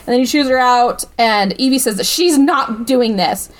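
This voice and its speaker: A woman with a slightly high voice gives a casual, sarcastic recap of a film on a podcast. She talks in a loose, chatty way, full of "like" and "right?" and asides to her co-host. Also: normal speed. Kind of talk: casual movie recap chat.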